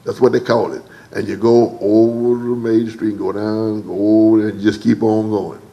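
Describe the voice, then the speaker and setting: A man preaching a church sermon. He calls on the congregation to answer back, repeats and stammers over words, and leaps higher when he acts out quotes. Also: level tone, normal speed, vocal fry, mellow, poor audio. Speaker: pastor. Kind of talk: preached sermon with call-and-response. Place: church service.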